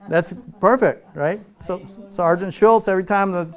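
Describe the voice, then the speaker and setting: Laid-back man teaching a spiritual group. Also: high-pitched. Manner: relaxed, playful, laughs often, slows for emphasis.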